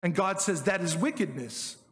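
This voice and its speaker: A man's voice: high voice, lively intonation, normal speed, fairly bright tone, big-room sound. A man giving a Bible teaching in a conversational, explanatory way, often checking in with the listeners. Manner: explanatory, conversational, frequent "okay?" check-ins. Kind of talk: Bible teaching on Hebrew words.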